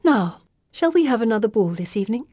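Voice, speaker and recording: A woman's voice: a little high, big pitch swings, brisk, a little mellow, no room sound, studio quality, pitched above the performer's own voice. A coy, cruel girl queen, as a woman reads her. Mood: taunting. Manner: cool, sly, drops to menacing whispers.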